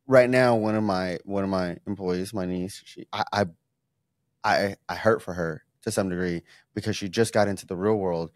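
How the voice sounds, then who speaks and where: A man's voice: deep voice, fairly even intonation, normal speed, no room sound, clean studio sound. A man co-hosting a podcast in casual chat, rambling and repeating words as he talks through his thoughts. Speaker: podcast co-host.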